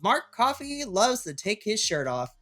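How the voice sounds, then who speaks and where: A man in his thirties co-hosting a wrestling podcast, recapping matches in an animated way and laughing often. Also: high-pitched, unhurried, faint music behind. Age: 30s. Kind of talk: casual chat.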